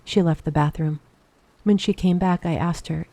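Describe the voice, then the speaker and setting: A woman reading an audiobook aloud in calm, steady narration meant for sleep. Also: sits low, normal speed, dry recording. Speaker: audiobook reader.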